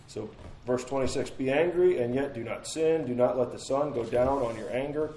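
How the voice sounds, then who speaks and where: A man's voice: mid-range voice, moderate pace, mellow, roomy sound, rough recording. A man teaching a midweek Bible study in an earnest, conversational way, repeating phrases and asking rhetorical questions, recorded in a church room.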